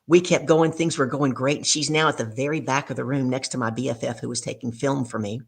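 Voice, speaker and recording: A middle-aged woman guest telling an animated story in an interview, acting out dialogue as she goes. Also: extremely low pitch, fairly quick, gravelly, husky. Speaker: guest speaker.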